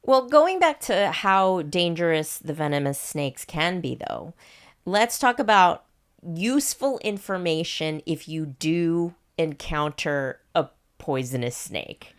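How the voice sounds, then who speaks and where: A woman, a comedian co-host, asking quick curious follow-up questions in casual chat. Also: fairly low pitch, animated.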